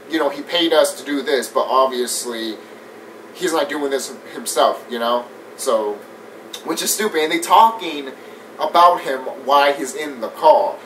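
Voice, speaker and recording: A man giving a casual, animated movie review rant. He swears often, laughs a lot and mimics scenes as he talks. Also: mid-range voice. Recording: distant mic with faint background noise.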